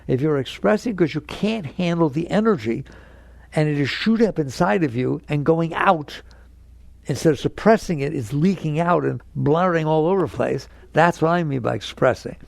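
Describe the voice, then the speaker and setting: A man with a gravelly, slightly high voice leads a spiritual lecture, leaning hard on repeated key words. He slips into little acted voices and chuckles as he explains. The sound is close and dry. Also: animated, normal speed, no room sound. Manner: acts out inner voices in quotes. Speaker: spiritual teacher.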